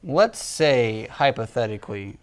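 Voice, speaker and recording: A young man co-hosting a casual student cooking show, making joking, deadpan asides. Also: medium pitch, a little slow. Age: young adult.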